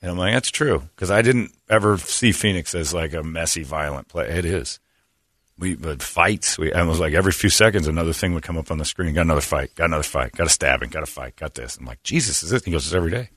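Deep-voiced man telling a story. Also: fast talker, no room sound, studio quality. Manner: animated storyteller acting out quotes. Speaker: radio host. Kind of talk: casual talk radio storytelling.

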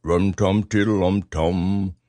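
A man voicing a slow, gruff male teddy bear in a storybook reading. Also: huge pitch swings, darkish tone, no room sound, exaggerated voice. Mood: musing. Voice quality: low, slow, different timbre.

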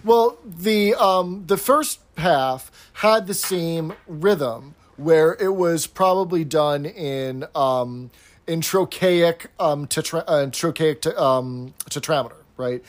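Man patiently explaining with a lifted pitch. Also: slow. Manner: explains patiently, laughs easily. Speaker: podcast co-host. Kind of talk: casual chat.

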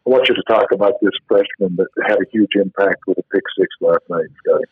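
Low-voiced man on a tinny line. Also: fairly even intonation, quick pace, breathy edge, no room sound. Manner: teasing storyteller. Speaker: sports radio host. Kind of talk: casual sports radio banter.

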